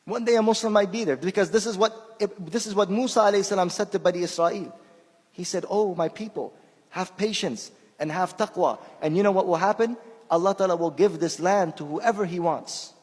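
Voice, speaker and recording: एक आदमी अनौपचारिक धर्मोपदेश दे रहा है, बोलचाल के अंदाज़ में, शब्द दोहराते हुए और किस्सों में आवाज़ें निकालते हुए; उसकी मातृभाषा फ़ारसी है।. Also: male voice, high voice, fairly quick, husky. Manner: conversational, repeats words while searching, acts out quoted voices. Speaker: shaykh giving a talk. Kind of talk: informal sermon with anecdotes. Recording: long hall reverb.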